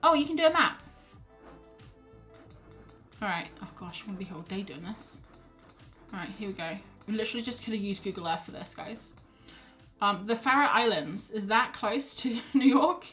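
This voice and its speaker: A woman chats casually through an art livestream at a middle pitch. She is self-deprecating and thinks out loud as she goes. Soft music plays faintly underneath. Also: lively intonation, moderate pace, pauses often. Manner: chatty, self-deprecating, thinks aloud while reading chat. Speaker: art streamer.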